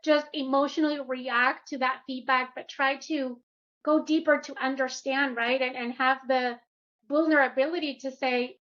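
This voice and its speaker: A woman with a high, bright voice hosts a podcast interview and answers her guest with encouraging follow-ups. The recording sounds slightly dull and lo-fi. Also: steady tone, normal speed. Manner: engaged, affirming interviewer. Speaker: podcast host.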